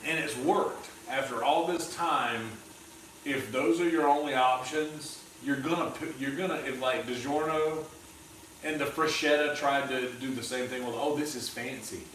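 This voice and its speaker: A man's voice: mid-range voice, a little slow, fairly bright tone, far from the mic. An opinionated man rambles casually on a cooking livestream, swearing as he goes. He sits a bit back from the mic in a roomy space with a faint hum behind him. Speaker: streamer host. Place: indoor kitchen.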